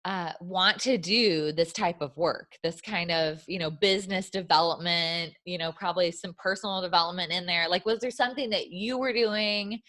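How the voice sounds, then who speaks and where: A woman's voice: on the low side, moderate pace, few pauses, fairly bright tone. A woman hosting an interview, bubbly and laughing often as she introduces her guest and asks questions. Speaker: host.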